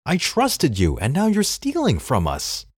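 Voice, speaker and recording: A man voicing a furious male executive who yells accusations at a rival, his voice climbing higher as he goes. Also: huge pitch swings, a little slow, husky, dry recording, studio quality, full character voice. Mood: outraged.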